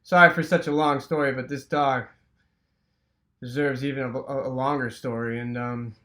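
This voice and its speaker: A man from Wisconsin casually telling a rambling childhood story, full of fillers and sound effects like "boom.". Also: fairly even intonation, moderate pace, pushed and bright. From Wisconsin, USA.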